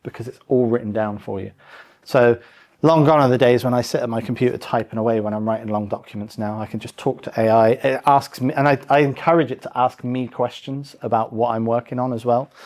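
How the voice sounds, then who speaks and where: A man's voice: medium pitch, fairly even intonation, fairly quick, darkish tone. A man presenting a live tech demo to a room of about forty people, casual and chatty. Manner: casual, chatty, with many fillers and restarts.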